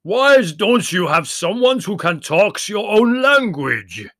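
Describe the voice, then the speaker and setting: A man voicing a gruff, burly taxi driver with broken English who roars and booms. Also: big pitch swings, slow, fairly bright tone, dry recording, clean studio sound, exaggerated voice. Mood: roaring. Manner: roaring, booming.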